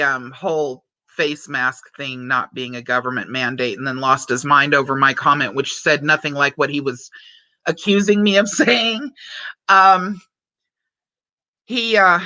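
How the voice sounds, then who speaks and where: A woman's voice: low-pitched, bright, forceful tone, dry recording. A woman hosting a casual livestream, reading out viewer chat, chatty and prone to laughing often. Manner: giggly, breaks into frequent laughter.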